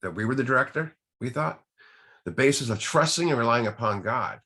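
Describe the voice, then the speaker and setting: A man's voice: mid-range voice, expressive, a little fast, sharp tone, slightly rough. A man leading a recovery group study, teaching earnestly from the text with rhetorical questions and repeated key words.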